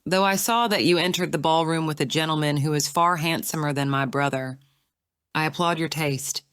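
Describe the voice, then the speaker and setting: A woman's voice: low-pitched, steady tone, normal speed, fairly bright tone, clear, resonant tone, no echo, studio quality. Woman reading a smug, teasing young lady. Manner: smug, wry, poised. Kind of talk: audiobook character reading.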